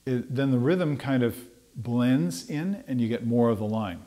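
Relaxed man teaching music. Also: medium pitch, a little slow. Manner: conversational, with frequent fillers and restarts; sings rhythms on syllables to demonstrate. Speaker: trumpet teacher. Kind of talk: relaxed instructional talk.

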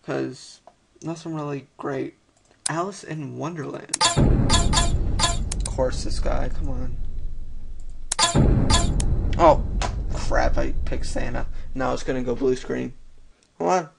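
A young man narrating a video game in a slow, unhurried drawl with plenty of gravelly fry. He is excitable and yelps at sudden moments. Keyboard clicks and typing are clearly heard on the recording. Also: medium pitch, heavy background noise. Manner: excitable, frequent yelps and "oh dear". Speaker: gaming video host. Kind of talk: casual let's-play commentary.

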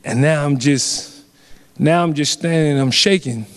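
Earnest man recounting a story in a hall. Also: a little high. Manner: earnest, halting, repeats phrases. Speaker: community forum speaker. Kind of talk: personal storytelling. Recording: reverberant hall.

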